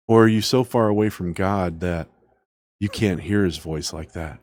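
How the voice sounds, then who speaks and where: A man's voice: low voice, moderate pace, darkish tone, no room sound. A man preaching as a podcast host, emphatic, repeating lines and asking the listener rhetorical questions. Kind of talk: preaching sermon.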